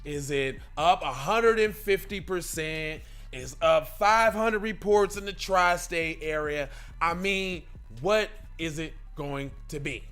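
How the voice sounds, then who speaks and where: A man hosts a podcast in a slightly high voice, reading news aloud and breaking off into sarcastic, mocking asides. His delivery is loose and comedic, with faint music behind him. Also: slow, fairly bright tone, clean tone. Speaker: podcast co-host. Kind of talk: casual comedic commentary.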